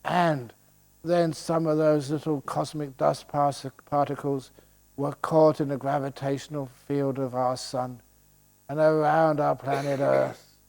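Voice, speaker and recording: A man's voice: medium pitch, vocal fry, a little mellow. Older man, meditation teacher, playful dharma talk, chuckling asides. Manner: playful, joking, laughing often.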